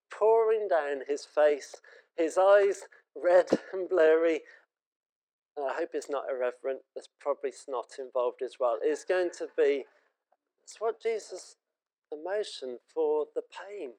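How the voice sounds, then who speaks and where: A man's voice: fairly high pitch, darkish tone, rough recording. A British man preaching a sermon in an earnest, conversational and emotive way.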